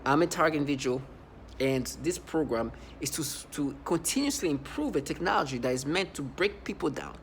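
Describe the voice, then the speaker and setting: A man in his thirties giving a personal testimonial, halting, often repeating and restarting words. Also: a little high, lively intonation, slight background noise. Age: 30s. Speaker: vlogger.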